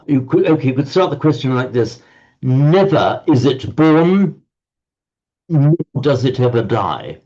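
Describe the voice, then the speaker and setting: A man teaching a Sanskrit class online, explaining slowly and often repeating words as he searches for them. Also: mid-range voice, dark tone, muffled recording.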